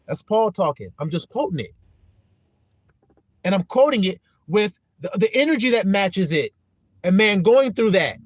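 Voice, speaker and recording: A man preaching informally on a live stream, animated and profane, breaking into shouts and acting out voices. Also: high-pitched, normal speed, dry recording. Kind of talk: informal street-style preaching.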